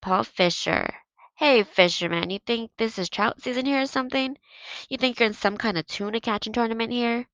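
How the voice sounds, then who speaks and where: A woman's voice: medium pitch, fairly quick, fairly bright tone, no room sound, natural voice, rough recording. A woman reading aloud and voicing a cocky, mocking teenage boy who leads the soccer team. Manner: taunting, swaggering.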